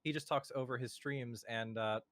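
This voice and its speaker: A man's voice: mid-range voice, steady tone, moderate pace, a bit bright, dry recording. A young man hosting a casual podcast from home over a voice call, rambling with many fillers and restarts. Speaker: podcast host. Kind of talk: casual chat. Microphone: home mic over a voice call.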